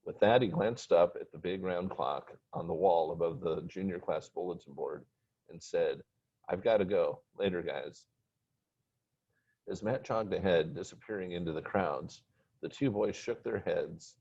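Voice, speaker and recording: A man reading a story aloud in plain, steady narration. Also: low voice, normal speed, creaky. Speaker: story reader. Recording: dull lo-fi recording.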